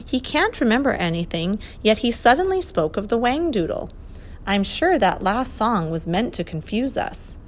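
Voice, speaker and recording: A woman voicing a clever, kindly male professor in a storybook reading, brisk and reassuring. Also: fairly high pitch, very animated, slight background noise.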